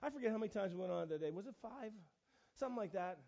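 Middle-aged male pastor with a high voice, telling stories in his sermon, animated and self-deprecating, on a dull lo-fi recording. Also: very fast, gravelly. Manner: animated, self-mocking, lots of restarts and fillers. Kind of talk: storytelling sermon.

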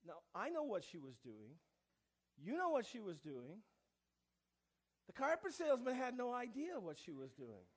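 Male pastor, very high voice, sermon delivery that surges loud then drops to a hush. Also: wildly swooping pitch, moderate pace, long pauses. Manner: swings between hushed asides and loud emphatic proclamations. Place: church.

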